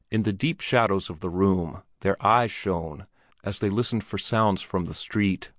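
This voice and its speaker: A man reading an old Western short story aloud in a measured, descriptive way. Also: low-pitched, a bit bright, no echo, studio quality. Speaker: narrator. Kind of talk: audiobook narration.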